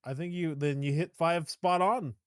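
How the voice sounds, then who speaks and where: A man's voice: a little high, fairly even intonation, moderate pace, clean tone, dry recording, clean studio sound. A young man co-hosting a casual movie review chat, laughing often and swearing freely. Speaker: podcast co-host.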